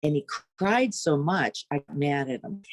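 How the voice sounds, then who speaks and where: A woman meditation teacher giving a dharma talk, lively and searching, tossing rhetorical questions to her listeners and acting out inner voices. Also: low voice, normal speed, no echo.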